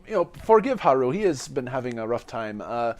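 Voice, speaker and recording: A man voicing a gentle rodeo clown who stammers and hesitates. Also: mid-range voice, very animated, fairly quick. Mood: earnest.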